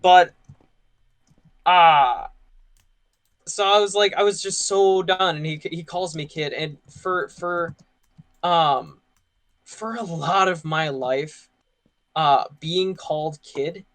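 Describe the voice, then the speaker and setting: A young man co-hosting a casual podcast while playing a game, telling a long story. His voice sits a little high, and he rambles loosely, leaning on "like" and "you know" as he goes. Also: fairly even intonation, slow, long pauses, a bit bright. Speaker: podcast co-host.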